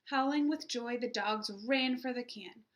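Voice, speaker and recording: A woman teacher reading a children's picture book aloud with expression, pausing to ask her listeners questions. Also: fairly high pitch, a bit bright.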